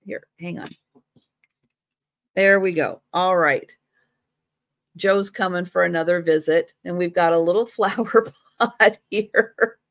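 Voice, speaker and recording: Woman, middle-aged, live sale host, unhurried, chatty, dry close sound. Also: fairly low pitch, fairly bright tone, no room sound. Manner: chatty, talks to her pets in baby talk. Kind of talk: casual live selling chat.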